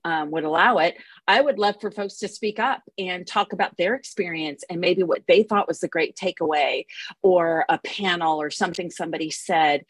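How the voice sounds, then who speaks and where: A woman's voice: lowish voice, no echo. A woman on a group call, talking in a rambling, encouraging way about next year's conference.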